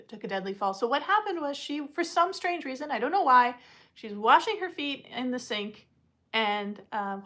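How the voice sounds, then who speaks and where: A woman hosting a casual livestream, talking in a rambling, chatty way with frequent ums and uhs. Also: fairly bright tone. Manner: coos at puppies in a high baby-talk voice. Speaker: livestream host. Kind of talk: casual live chat.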